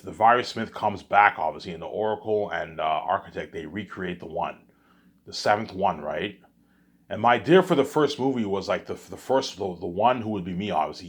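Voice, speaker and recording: A man's voice: sits low, slightly rough. A man talking in a casual vlog monologue, rambling and often repeating words and restarting his sentences. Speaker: vlogger.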